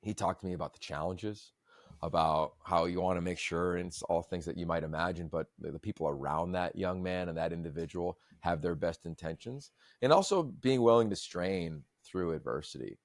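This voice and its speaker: A man hosting a podcast, telling stories in a long-winded, animated way. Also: low-pitched, normal speed, dry recording, clean studio sound. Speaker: podcast host. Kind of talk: casual chat.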